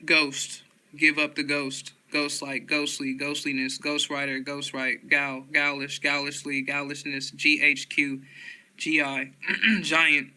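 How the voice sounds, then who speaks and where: A man slowly reading dictionary headwords aloud in a flat monotone, often restarting words. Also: fairly high pitch, low-quality recording.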